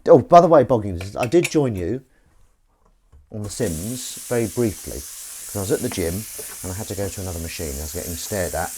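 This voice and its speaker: A man's voice: sits low, normal speed, background noise. A man hosting a casual live stream, rambling and self-mocking as he tries out a gadget. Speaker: livestream host. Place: outdoors in wind.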